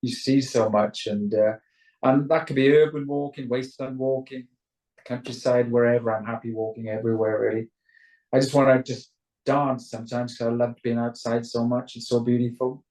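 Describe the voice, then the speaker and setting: A man's voice: mid-range voice, fairly even intonation, normal speed, darkish tone. Welsh guy rambling on a zoom call, lots of restarts, sounds a bit far off in an echoey room. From Wales. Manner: chatty, rambling, stammers into restarts, mimics voices. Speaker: rock singer, interview guest. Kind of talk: casual video call interview. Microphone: video call.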